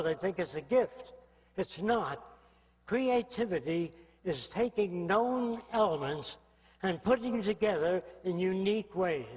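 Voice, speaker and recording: An older man giving a public lecture, blunt and provocative, prodding his listeners with rhetorical questions. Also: sits high. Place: lecture hall. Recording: echoey hall reverb.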